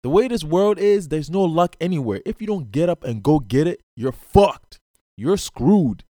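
A man's voice: a little high, lively intonation, normal speed, mellow, dry recording, studio quality. Blunt, profane man ranting on his podcast. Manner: blunt, profane, preachy, calls listener bro. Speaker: podcast host. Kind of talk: solo motivational podcast monologue.

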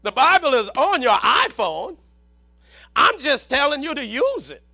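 A man with a Southern accent preaching a sermon, shouting for emphasis and repeating words. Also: very high-pitched, very animated, measured pace, gravelly, faint music behind.

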